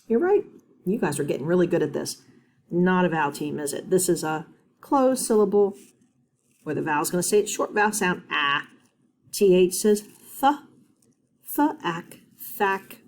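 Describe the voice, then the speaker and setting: A woman teacher giving a phonics lesson to young children, sounding out words slowly and encouraging them. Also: fairly low pitch, lively intonation.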